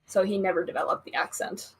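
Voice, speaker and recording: A woman with a slightly husky voice, a guest artist chatting casually on a stream over a call. She rambles in an easygoing way and fills gaps with "um" and "like.". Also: medium pitch, fairly even intonation, fast talker. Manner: easygoing, rambling, lots of fillers.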